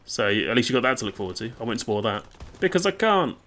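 A man's voice: on the low side, steady tone, fast talker, sharp tone, slight background noise. A young man chatting casually and rambling over gameplay, swearing and reacting aloud to the game. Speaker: gaming YouTuber.

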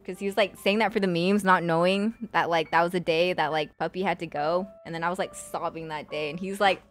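A woman's voice: on the low side, steady tone, quick pace, hardly any pauses, faint music behind. A young woman streamer chatting casually with her viewers and telling a sad personal story, with lots of "like" fillers. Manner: chatty, many fillers like "like", emotional.

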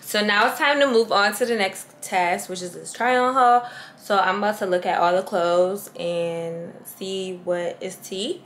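A woman's voice: mid-range voice, measured pace, fairly bright tone, slight background noise. A woman in her twenties vlogging casually to camera, chatty and slangy, talking straight to her viewers. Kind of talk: casual vlog chat to camera.

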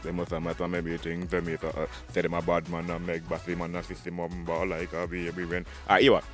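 A man with a Jamaican accent, a dancehall artist talking in an interview, fast and repetitive, often restarting his sentences. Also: deep voice, monotone, fairly bright tone, faint music behind. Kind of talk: interview, casual talk.

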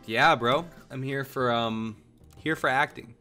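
A young man streaming, chatting casually and joking while he plays, his voice hoarse. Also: medium pitch, unhurried, soft background music. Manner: lively, chatty, jokey. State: hoarse, coughing. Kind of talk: casual chat while gaming.

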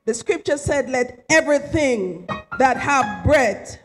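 A woman's voice: high-pitched, animated, slow pace, over music, poor audio. A woman giving an emotional, rambling, heartfelt tribute at a memorial service, near tears at times. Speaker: eulogy speaker at a memorial service.

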